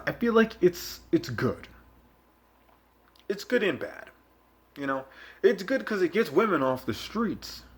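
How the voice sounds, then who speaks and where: A young man rambles through a casual vlog monologue, swearing freely and jumping between loud bursts and low mutters. His pitch swings lively up and down, in a middle register for a man. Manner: profane, rambling, laid-back with sudden loud bursts. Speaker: vlogger.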